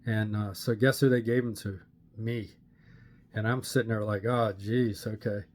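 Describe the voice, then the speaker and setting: A man's voice: fairly low pitch, steady tone, a little mellow. Earnest older man telling his faith story. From Pittsburgh, Pennsylvania. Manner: earnest, plain-spoken storytelling with frequent "uh" pauses. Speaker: channel host sharing his testimony. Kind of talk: personal faith testimony to camera. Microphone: camera facing the speaker.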